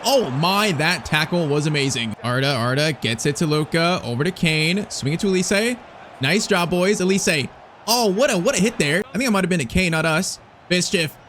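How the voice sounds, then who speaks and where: A young man giving casual, excitable live commentary on his own football video game match, with slang and outbursts at big plays. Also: on the high side, a little hiss or hum. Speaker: gaming YouTuber.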